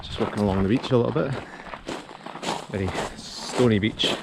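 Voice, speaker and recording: A Scottish man in his thirties chatting casually as he walks a lochside trail, relaxed and a little out of breath from the climb. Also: on the low side, normal speed. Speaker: vlogger. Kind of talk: casual walking commentary. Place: outdoors on a lochside hill trail. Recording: outdoor phone recording with clear background noise. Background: wind and rural outdoor ambience.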